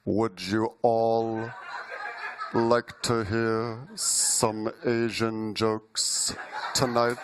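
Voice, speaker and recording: A man putting on the voice of a sinister, deep-voiced male villain who talks slowly and theatrically. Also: little pitch movement, noisy background. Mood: menacing. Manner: drawn-out, menacing, theatrical.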